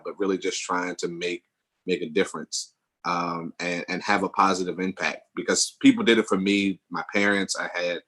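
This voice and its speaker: A man speaking as a guest mentor on a video call, earnest and warm in his laughter, often restarting his phrases. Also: low voice. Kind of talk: casual video call conversation.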